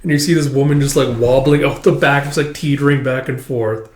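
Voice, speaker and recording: A man's voice: medium pitch, fairly even intonation, a little fast, reverberant. A man giving a casual comic read-through, narrating loosely with fillers. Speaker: manga reader and reviewer.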